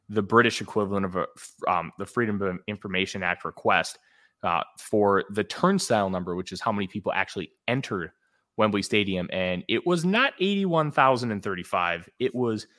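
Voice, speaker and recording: A podcast host, a man with a lowish voice, who talks earnestly and haltingly. He often stops and restarts his sentences as he sets up a question. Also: a bit bright. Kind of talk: casual podcast chat.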